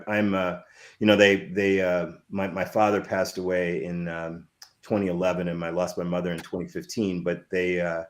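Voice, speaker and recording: Deep-voiced rambling male filmmaker. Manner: animated, rambling with many restarts. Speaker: filmmaker guest. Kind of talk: casual interview storytelling.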